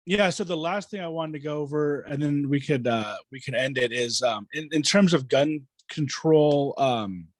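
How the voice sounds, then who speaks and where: A man's voice: fairly high pitch, normal speed, few pauses, no echo. A man hosting a casual podcast, asking long, hesitant questions full of fillers. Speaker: podcast host.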